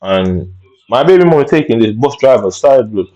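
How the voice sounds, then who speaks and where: A man's voice: medium pitch, lively intonation, normal speed, dark tone, muffled recording. A man with telling an angry personal story, rambling and profane, full of tag questions. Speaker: vlogger.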